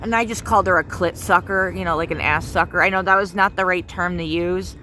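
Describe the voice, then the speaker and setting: Brief: woman vlogger, bright and sharp voice, heated rambling rant with lots of swearing. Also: on the low side, fairly even intonation, a little fast, slight background noise. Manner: angry, profane, many fillers. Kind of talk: casual spoken rant.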